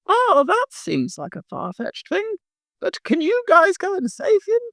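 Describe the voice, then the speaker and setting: A man voicing Mrs. Claus as a bossy old woman in a high falsetto, in an improvised bedtime story. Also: wildly swooping pitch, unhurried, a bit bright, no room sound, clean studio sound, exaggerated voice. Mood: fussy. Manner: high shrill falsetto, exaggerated.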